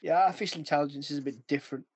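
A man's voice: fairly high pitch, fast talker, breathy edge, no room sound. A man hosting a podcast in casual chat, rambling, often losing his train of thought and laughing. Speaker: podcast host.

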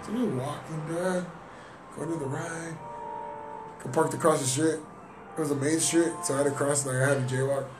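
A young man tells a story in loose, slangy talk, dropping swear words and sliding into Spanish. His voice sits a little high for a man. It is caught by a mic set back in a roomy space, with music clearly playing behind him. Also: fairly even intonation, moderate pace, long pauses, recorded from a distance. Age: young adult. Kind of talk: casual chat.

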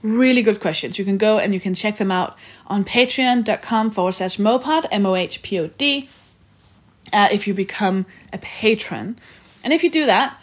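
A woman's voice: mid-range voice, moderate pace, slightly rough. A woman hosting a podcast, chatting and reading out the names of supporters. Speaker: podcast host. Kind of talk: casual chat and read-out outro.

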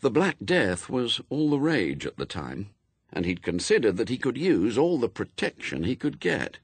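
Low husky guy reading a story, very lively pitch, dead dry sound. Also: normal speed, no echo. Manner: wry, expressive storytelling. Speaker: audiobook narrator. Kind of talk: scripted narration.

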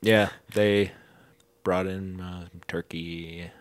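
A man's voice: low voice, level tone, extremely slow, dry recording. A young man co-hosting a casual podcast chat, playful and joking, laughing often. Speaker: podcast co-host.

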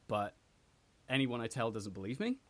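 A man's voice: mid-range voice, big pitch swings, moderate pace, a bit bright. A young man with a hard-to-place mix of British and American accent. He talks in a loose, chatty way, explaining at length with plenty of ums and fillers. A casual podcast guest. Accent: mixed British and American. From Britain, raised partly in the US. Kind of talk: casual chat.

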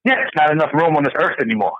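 A man's voice: on the high side, lively intonation, very fast. A man co-hosting a casual podcast chat, ranting emphatically with a lot of profanity. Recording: dull lo-fi dry recording.

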